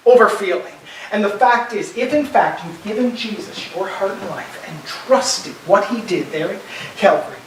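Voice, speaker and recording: Emphatic pastor preaching in an echoey church. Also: male voice, sits high, recorded from a distance, a little hiss or hum. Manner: emphatic, swings from loud urging to soft. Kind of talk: sermon. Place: church sanctuary.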